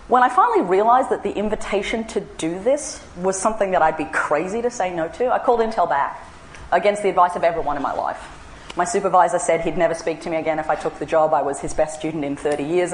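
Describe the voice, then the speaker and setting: A woman's voice: low-pitched, echoey room, slight background noise, low-quality recording. An Australian woman in her forties gives a humorous talk, telling wry anecdotes with self-mocking asides. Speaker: speaker giving a talk. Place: large room with an audience.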